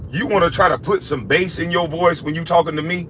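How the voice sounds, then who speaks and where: A former basketball player ranting at someone with insults and mockery. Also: male voice, on the high side, a little fast, fairly bright tone, slight background noise. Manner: insulting, mocking, profane. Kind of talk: profane rant in a played clip.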